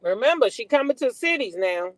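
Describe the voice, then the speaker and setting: A woman's voice: on the high side, sing-song, brisk, no echo, rough recording. A woman hosting a gossip channel, chatting casually, laughing and repeating punchlines.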